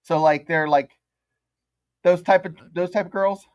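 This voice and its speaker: A man's voice: high-pitched, fairly even intonation, measured pace, clear, resonant tone, dry recording. A man co-hosting a podcast, rambling through his points with many restarts. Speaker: podcast co-host. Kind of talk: casual chat.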